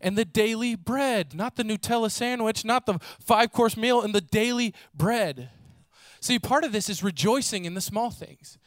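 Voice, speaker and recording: Animated high-voiced male preacher. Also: moderate pace, no echo. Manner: animated storytelling, acts out voices, casual fillers. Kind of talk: sermon.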